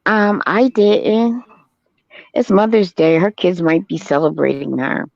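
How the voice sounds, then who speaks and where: A woman hosting a casual chat show, talking in an animated, storytelling way. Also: on the low side, a little slow, creaky, no echo. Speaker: host. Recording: dull lo-fi sound.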